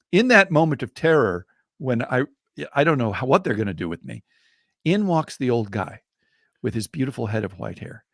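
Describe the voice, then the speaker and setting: An older man telling a story in a casual podcast chat, animated and acting out the people in it. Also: medium pitch, no echo, clean studio sound. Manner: animated, acts out the people in his stories. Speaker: storyteller and co-host.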